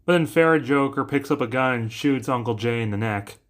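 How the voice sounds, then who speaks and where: A man's voice: mid-range voice, a little fast. Casual man recapping a story. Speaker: narrator pitching story ideas. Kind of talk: casual plot recap narration.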